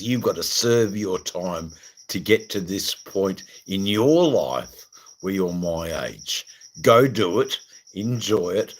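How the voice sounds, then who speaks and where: A man's voice: low voice, slight background noise, rough recording. A middle-aged Australian man hosting a casual livestream, rambling and joking crudely to his viewers with many fillers. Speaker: livestream host. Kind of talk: casual livestream chat reading viewer comments.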